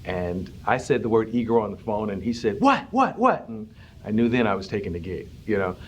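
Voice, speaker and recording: A man's voice: lowish voice, fast talker, a little mellow. A man from Cleveland giving wry, joking interview answers. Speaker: voice actor interviewee.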